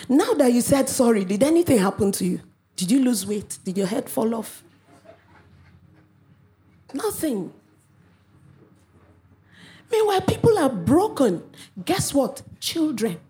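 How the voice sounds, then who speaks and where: An animated woman from Africa delivers a sermon to her congregation. Her voice sits slightly high, and she slips into playful asides and acted-out quotes as she goes. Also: measured pace, long pauses. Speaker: preacher.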